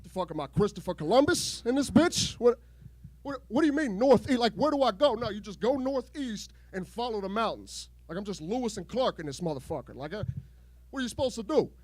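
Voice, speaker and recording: A man with an unusually high voice doing a crude, rambling stand-up set in a garage show. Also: sing-song, a little fast, a little mellow, no echo. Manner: crude, rambling jokes with repeated false starts. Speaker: stand-up comedian. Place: home garage show before a live crowd.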